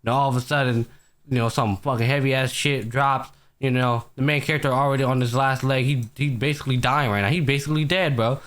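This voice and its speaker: This podcast host talks fast in a mid-range voice. He runs a casual anime show, retelling episodes with animated storytelling, lots of swearing, and acted-out character lines.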